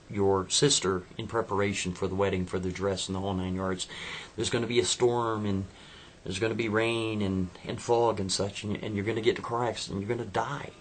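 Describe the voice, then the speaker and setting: A man's voice: on the low side, slight background noise, close to an everyday voice. A man voicing a young time traveler in a spoken story, pleading and urgent.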